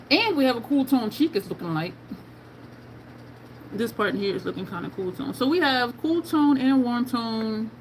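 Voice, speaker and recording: A woman's voice: a little high, a little hiss or hum, low-quality recording. A woman beauty vlogger chatting casually through a makeup tutorial, telling stories and laughing often.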